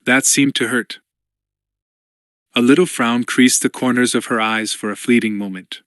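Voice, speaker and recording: Steady measured male narrator, mid-pitched, dry booth audio. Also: no echo. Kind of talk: scripted narration.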